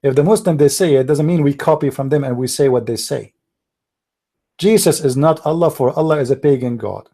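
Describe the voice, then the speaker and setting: A man's voice: medium pitch, a little fast, mellow. A man hosting a call-in show, lecturing in a scornful, heated way and repeating himself, in non-native English. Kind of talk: heated monologue.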